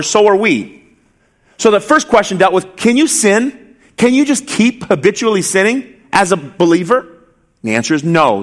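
A man's voice: a little high, a bit bright. A male pastor preaching an expository sermon, emphatic, asking rhetorical questions and repeating key phrases.

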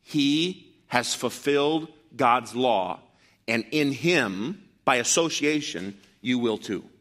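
A man preaching a sermon to his congregation, animated and emphatic, with loud bursts and quiet asides. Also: a little high. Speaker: pastor. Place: church.

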